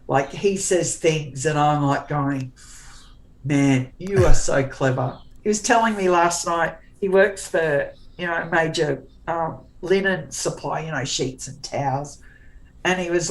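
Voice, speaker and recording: Low-voiced middle-aged woman being interviewed, blunt and sarcastic, restarts her sentences a lot. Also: rough recording. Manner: forthright, sarcastic, chatty with frequent restarts. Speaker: interview guest, author. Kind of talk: casual conversational interview.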